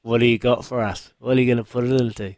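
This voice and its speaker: A man's voice: medium pitch, steady tone, fast talker, a little mellow, no room sound. A man with a New Zealand accent hosting a radio sports quiz, bantering and teasing callers. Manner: cheeky, teasing, laughs often.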